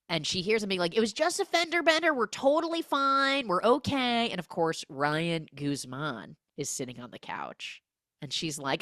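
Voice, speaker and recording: Young adult woman, podcast host, comedic film recap; lowish, very lively voice, dry close recording. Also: no echo. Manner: animated, acts out characters' lines in quick exaggerated voices.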